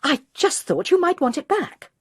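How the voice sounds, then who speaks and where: A woman plays an earnest amateur sleuth, pitching her voice higher than her natural one. It sits high with big pitch swings at a moderate pace, recorded cleanly in a studio with no room sound.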